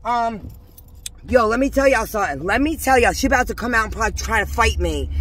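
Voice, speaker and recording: A woman's voice: fairly high pitch, animated, fairly quick, fairly bright tone, slight background noise. A woman vlogger intensely recounting a church confrontation to her viewers, agitated and preachy, calling them y'all. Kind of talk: emotional first-person recounting to viewers.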